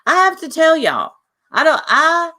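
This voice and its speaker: Speaking at a measured pace in a very high-pitched voice, a livestream host drifts through casual, rambling chat sprinkled with plenty of lively tangents.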